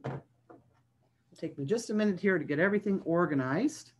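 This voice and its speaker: A woman who is a children's librarian, hosting a story time over a video call and talking warmly to young children. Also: fairly low pitch, lively intonation, fairly quick, slight background noise. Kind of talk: read-aloud story time for kids.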